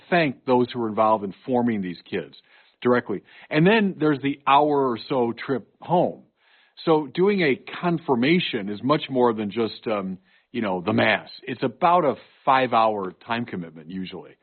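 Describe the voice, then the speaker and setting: A man in his sixties, a bishop and guest on a talk show, speaking earnestly and telling stories with emphasis. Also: mid-range voice. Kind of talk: conversational podcast chat. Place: home studio. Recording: narrow phone-like sound.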